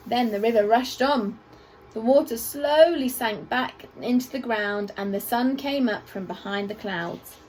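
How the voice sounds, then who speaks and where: A woman teacher with a high voice reads a picture book aloud to children at a school assembly, telling it expressively with playful asides. The recording is rough, with slight background noise.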